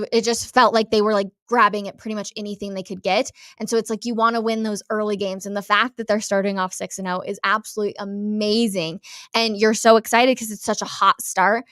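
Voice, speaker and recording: A young American woman hosting a casual sports talk show, chatty and animated, often speaking straight to her listeners. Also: mid-range voice, clean tone, dry recording, clean studio sound. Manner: chatty and animated, addresses listeners as "you guys". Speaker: sports radio host.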